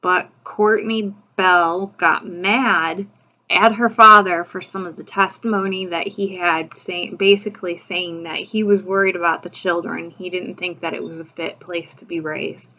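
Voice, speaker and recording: A woman's voice: lowish voice, fairly even intonation, a little slow, sharp tone. A woman hosting a casual true-crime commentary video, talking in a chatty, opinionated way and leaning on "like" and "you know". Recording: dull lo-fi recording.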